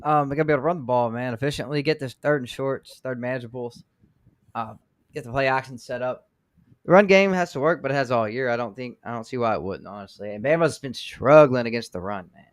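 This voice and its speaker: A man's voice: mid-range voice, fast talker, dry recording. A man giving laid-back, plain-spoken football picks on a podcast, saying "man" a lot. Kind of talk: casual sports talk.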